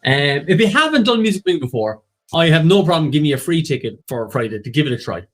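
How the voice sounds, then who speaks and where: Quiz host reading out standings. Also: male voice, a little high, very animated, soft background music. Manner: reads out standings briskly, jokes with co-host. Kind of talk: casual live-stream chat.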